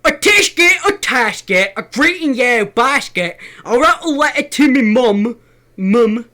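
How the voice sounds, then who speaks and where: Someone doing a rowdy, shouting lad. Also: medium pitch, lively intonation, measured pace. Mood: outraged. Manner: loud, laughing, shouting.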